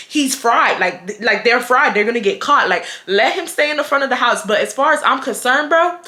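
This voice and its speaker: Bright-voiced young woman telling a story. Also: high voice, fairly quick, few pauses, echoey room. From Houston, Texas. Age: 20s. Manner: animated, blunt, profane, laughs often. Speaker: vlogger. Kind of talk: casual storytime.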